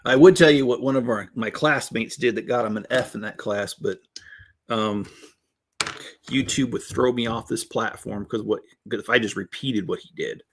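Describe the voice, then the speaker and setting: A man's voice: medium pitch, moderate pace, slightly rough. A man in his fifties hosting a casual live stream, chatting with viewers in a rambling, jokey way and chuckling often. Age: 50s. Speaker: host building LEGO sets while reading viewer chat.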